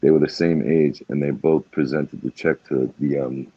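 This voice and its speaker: A man's voice: rumbling low, steady tone, moderate pace, mellow, husky, no echo, dull audio. A middle-aged man speaking as a guest in a candid, emotional conversation, blunt and swearing freely with lots of "you know.". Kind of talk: emotional casual talk.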